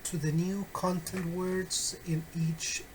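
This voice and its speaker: Man, teacher explaining phonetics, slow delivery, filler-heavy, wry asides. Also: high voice, little pitch movement, slight background noise, poor audio. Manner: deliberate, many fillers and self-corrections; wry, friendly asides to students. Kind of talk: recorded online lecture.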